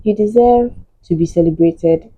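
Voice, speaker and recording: A woman's voice: on the low side, moderate pace, warm tone, husky, lo-fi sound. A woman reading as an aggrieved heartbroken husband. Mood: indignant. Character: heartbroken husband telling his own story.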